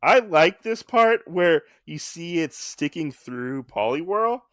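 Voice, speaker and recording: A man's voice: a little high, animated, takes it slowly, fairly bright tone, no room sound, clean studio sound. A man co-hosting a casual podcast, chatting in a rambling way with many fillers. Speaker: podcast co-host. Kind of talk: casual chat.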